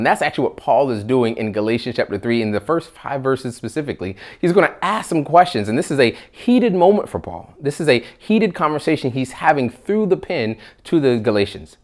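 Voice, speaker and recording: A male pastor preaching an earnest sermon, reading scripture aloud and getting louder at key questions. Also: medium pitch. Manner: earnest, rises in volume when reading scripture.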